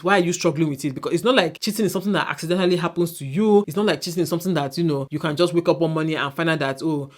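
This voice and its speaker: A woman's voice: low voice, darkish tone. A woman in her thirties with a Nigerian accent, reviewing a reality show in an emphatic, opinionated monologue full of rhetorical questions. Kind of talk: casual commentary monologue.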